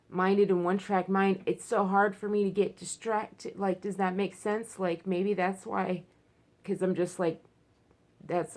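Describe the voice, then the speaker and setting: A woman talking frankly in a rambling personal vlog at home, full of fillers and restarts. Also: mid-range voice. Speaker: vlogger. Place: at home, indoors.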